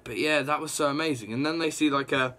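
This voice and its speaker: A young man recapping a comic book issue in a casual, excited ramble, full of "like" and quick reactions. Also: on the high side.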